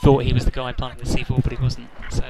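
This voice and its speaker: A man's voice: mid-range voice, monotone, fast, vocal fry, very noisy. A man giving rambling, sweary, self-mocking commentary over his own gameplay. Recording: loud game gunfire and explosions behind.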